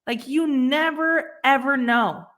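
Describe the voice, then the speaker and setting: This is a young woman co-hosting a casual podcast chat. Her voice sits a little high, and she talks earnestly, with loose swearing and frequent restarts. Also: takes it slowly, a bit bright. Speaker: podcast co-host.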